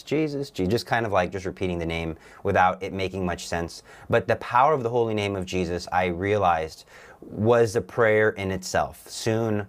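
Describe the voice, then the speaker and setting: A young man, a guest on an interview show, telling his personal faith story earnestly, with halting restarts. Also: low-pitched.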